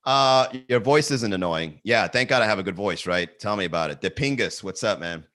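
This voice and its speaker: Man, comedian, livestream host, casual riffing, laughs at own jokes, sharp bright tone, garage. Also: lowish voice, expressive, a little fast. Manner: laughs at his own jokes, riffs, self-mocking. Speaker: comedian hosting a daily livestream. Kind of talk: casual solo livestream chat. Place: his garage. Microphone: talking to a camera.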